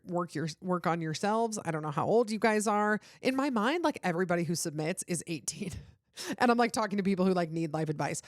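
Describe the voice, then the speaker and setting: A woman's voice: fairly low pitch, no echo, studio quality. A young adult woman hosting a podcast, giving earnest, pleading relationship advice in casual chat, full of "like" fillers, with a runny nose. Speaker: podcast host.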